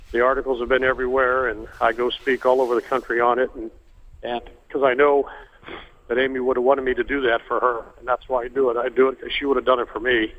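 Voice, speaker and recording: An older man telling a heartfelt family story as a guest, halting with frequent fillers and restarts. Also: mid-range voice. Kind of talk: emotional personal storytelling. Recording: tinny phone line.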